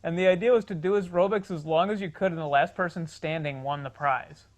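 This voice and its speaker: A man's voice: on the high side, quick pace. Chatty man introducing clips. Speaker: co-host presenting clips. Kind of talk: casual explanation.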